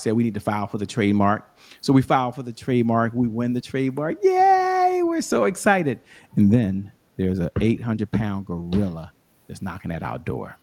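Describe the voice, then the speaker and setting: A man speaking as an interview guest, telling animated stories and giving motivational encouragement in a conversational style. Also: lowish voice. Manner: animated storyteller, preachy encouragement. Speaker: guest, show host and sales coach.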